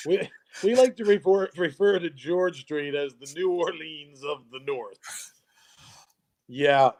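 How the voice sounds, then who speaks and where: Middle-aged man, fairly high voice, chatty, jokey, laughs a lot. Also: darkish tone. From Newfoundland, Canada. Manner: jokey storyteller, laughs often, restarts phrases. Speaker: guest. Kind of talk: casual interview chat.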